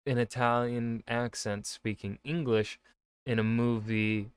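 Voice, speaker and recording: A man's voice: medium pitch, little pitch movement, unhurried, smooth, dry recording. A man, an author, giving casual reaction commentary, rambling with many fillers and restarts. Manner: rambling, lots of fillers and self-corrections.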